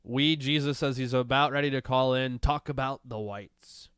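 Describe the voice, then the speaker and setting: A man's voice: medium pitch, steady tone, moderate pace, clear, resonant tone, no room sound, clean studio sound. Sarcastic man mocking news clips. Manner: sarcastic, mocking, swings from loud outbursts to muttering. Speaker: streaming show host reacting to clips and chat. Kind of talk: casual commentary over clips, reading chat.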